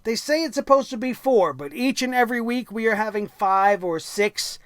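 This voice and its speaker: Man, high voice, angry profane rant, wrestling review host, dry close sound. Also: expressive, moderate pace, few pauses, a bit bright, no echo. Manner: angry, profane, sarcastic ranting. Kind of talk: ranting show review.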